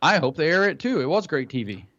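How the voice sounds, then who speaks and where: A man tells a story in an animated way during casual chat and acts out what other people said. His voice sits a little high. The audio is dull and lo-fi. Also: quick pace.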